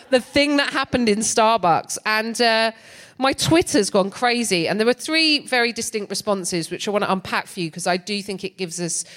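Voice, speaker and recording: A middle-aged English woman, a comedian and co-host, telling a story in stand-up with a wry, animated delivery that often breaks into laughter. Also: mid-range voice, normal speed.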